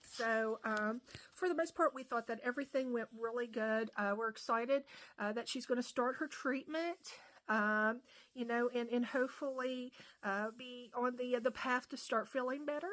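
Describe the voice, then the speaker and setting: High-voiced woman telling a rambling story. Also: moderate pace, fairly bright tone. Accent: Appalachian. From West Virginia. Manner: rambling, many fillers and restarts. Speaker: comedian vlogger. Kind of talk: casual storytelling.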